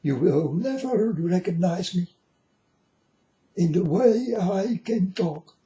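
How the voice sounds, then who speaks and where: A man doing a reedy, high old-man voice. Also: dark tone. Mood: playful. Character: high-pitched put-on voice of an eighty-year-old man. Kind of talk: showing off a put-on voice. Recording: dull lo-fi recording.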